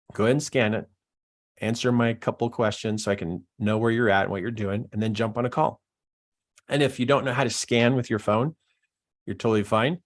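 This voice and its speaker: A middle-aged man, a business coach, talking in a live-streamed Q&A, emphatic and fond of repeating phrases for effect. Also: fairly low pitch.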